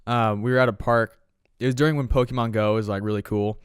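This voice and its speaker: A man's voice: on the low side, fairly even intonation, fast talker, clear, resonant tone, dry recording, clean studio sound. A young man co-hosting a casual podcast, telling a story in a laid-back way and laughing along. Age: young adult. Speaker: podcast co-host. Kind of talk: casual chat.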